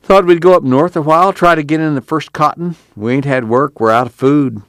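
A man's voice: on the high side, fairly quick, no room sound, voice pushed up, natural voice. A weary farmer father speaks earnestly in plain rural talk, as a male reader voices him. His voice rises, fuller than the narration. It is a storybook reading with a dry sound.

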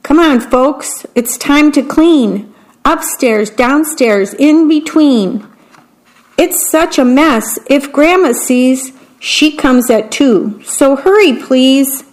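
A woman reads picture books aloud slowly and gently, pausing to describe what is on each page. Her voice sits a little high for a woman. Her delivery is unhurried. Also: lively intonation, poor audio. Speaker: storybook reader.

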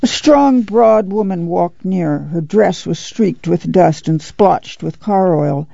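A narrator reading a novel aloud in a measured storytelling manner. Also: mid-range voice, lively intonation, vocal fry, mellow, no room sound, highs cut off. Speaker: audiobook narrator. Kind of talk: scripted narration.

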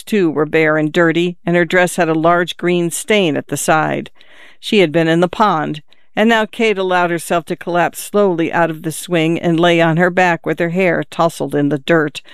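An audiobook narrator reading a literary novel in a measured, even storytelling manner. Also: medium pitch, clear, resonant tone, no echo, studio quality.

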